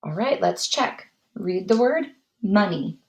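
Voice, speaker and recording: During a guided spelling lesson, a woman slowly dictates words and spells each one out, letter after letter. Her voice is mid-range and animated.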